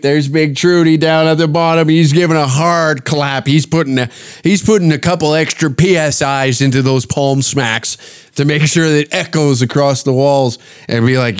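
Profane mocking podcast host, fairly high voice. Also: male voice, steady tone, normal speed, clear, resonant tone. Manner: profane, mocking, laughs often. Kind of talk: crude podcast reaction commentary.

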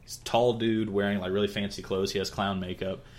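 A young man with a fairly low voice hosts a casual podcast, retelling a plot in a loose, rambling way. He fills gaps with fillers and drops into short quoted voices as he goes. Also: level tone, brisk. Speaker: podcast host.

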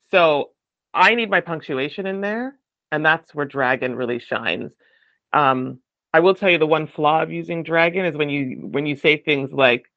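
A man chatting as a podcast guest, animated and acting out quoted voices. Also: on the high side, no echo. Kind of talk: casual chat. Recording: dull, dry lo-fi sound.

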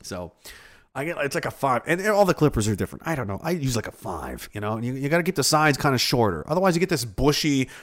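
Male streamer, casual, profane, rambling, animated voice. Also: mid-range voice, quick pace. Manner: profane, rambling, laughs often. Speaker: streamer reading chat. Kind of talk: casual chat.

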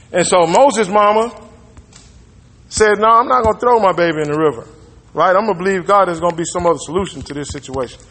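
A man preaches in a high voice, telling a story casually and acting out the characters' lines. The sound carries through a big, reverberant hall. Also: fairly bright tone. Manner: storytelling with conversational asides and acted-out quotes. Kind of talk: sermon. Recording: echoey hall with long reverb.

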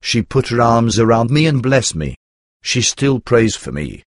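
A man narrating a first-person memoir in a measured, earnest storytelling manner. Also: mid-range voice, very animated, no room sound, clean studio sound.

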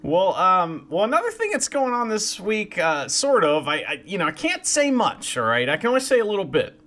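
A man's voice: high voice, huge pitch swings, moderate pace, sharp tone. A man co-hosting a podcast in casual chat, chatty and laughing, cursing now and then. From Ohio, USA. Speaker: podcast co-host.

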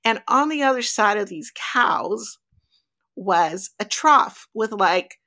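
A woman hosting a podcast who tells a travel anecdote casually, with lots of fillers and lively storytelling. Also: medium pitch, slow pace. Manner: animated, chatty, filler-heavy.

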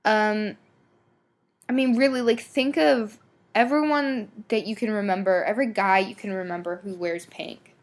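A woman's voice: mid-range voice, fairly even intonation, moderate pace. Blunt, sweary young woman rambling. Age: young adult. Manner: filler-heavy, many ums and likes. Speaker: podcast host. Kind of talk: casual solo podcast chat.

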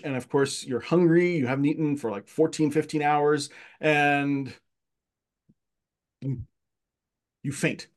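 An Egyptian man appears as a podcast guest, sharing childhood stories in relaxed conversation. He is lively, speaks at a fairly high pitch, and often repeats words while hunting for the right ones.

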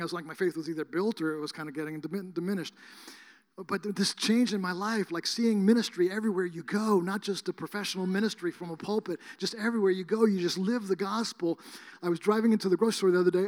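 A middle-aged man preaching a sermon, telling a story and acting out both sides of the conversation. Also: sits high. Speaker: pastor. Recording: long reverb of a large hall.

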